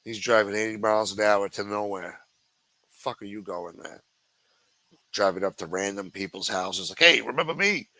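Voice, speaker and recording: A man's voice: on the low side, little pitch movement, normal speed, pauses often, fairly bright tone, no echo, low-quality recording. A man hosting a livestream, ranting with constant profanity in a sneering, contemptuous way. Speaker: livestream host.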